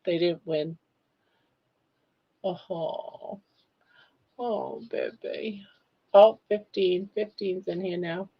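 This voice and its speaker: Older woman host, slow relaxed pace, doting baby talk, dull lo-fi stream sound. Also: fairly low pitch, slightly rough. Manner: cooing baby talk to her dog, chatty. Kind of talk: casual live stream chat.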